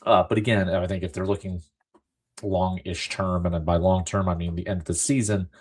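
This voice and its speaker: A man with a low, husky voice co-hosts a relaxed podcast conversation. He talks in a laid-back way and drops dry, wry asides into the chat. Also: moderate pace. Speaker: podcast co-host. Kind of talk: casual chat.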